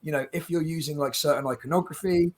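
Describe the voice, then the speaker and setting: A man on a panel laying out his argument in a measured, thoughtful way, with frequent ums. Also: on the high side, slight background noise, poor audio. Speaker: panel guest. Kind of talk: debate argument.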